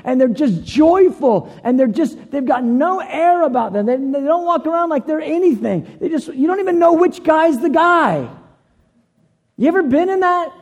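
Male preacher, earnest storytelling sermon, gravelly fry in his voice, long hall echo. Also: very high voice, lively intonation, normal speed. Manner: earnest, repeats and restarts phrases.

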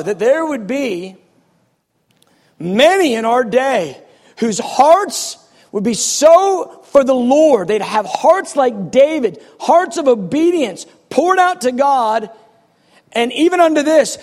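A man preaching a passionate, animated sermon, reading scripture and acting out its scenes. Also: very high-pitched, big-room sound. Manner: passionate, animated, quick bursts.

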